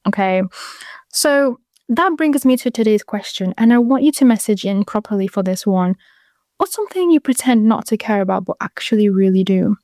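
Her voice is mid-range, expressive, and dark-toned, at normal speed, recorded dry with clean studio sound. She's a 22-year-old with a British accent who hosts a laid-back advice show, speaking candidly to listeners and wandering into side tangents.

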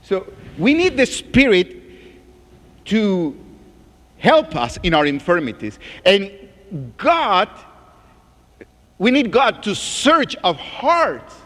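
High-voiced pastor in a reverberant hall. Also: male voice, sing-song. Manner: reads scripture slowly, drops to a hushed groan. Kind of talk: sermon.

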